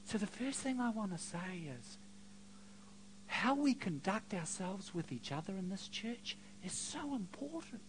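A middle-aged male preacher telling a story from the pulpit, his pitch swinging widely as he goes. He jokes at his own expense and drops to near hush before building up loud again. A faint hum sits under the voice. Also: animated, measured pace. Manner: storytelling, self-mocking, swings between quiet and loud. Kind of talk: sermon.

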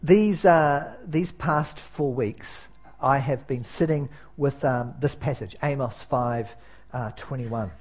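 A man's voice: mid-range voice, slow pace, a little mellow, slightly rough. A man preaching as pastor in a church, conversational and self-deprecating, with many fillers and restarts. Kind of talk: sermon.

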